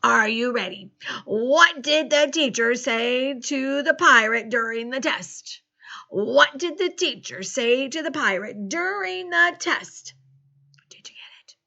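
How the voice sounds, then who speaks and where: A middle-aged woman teaching an online phonics lesson in a cheerful, animated way, spelling words out letter by letter and adding playful pirate arrs. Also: high voice, slow, creaky, highs cut off. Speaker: second grade teacher.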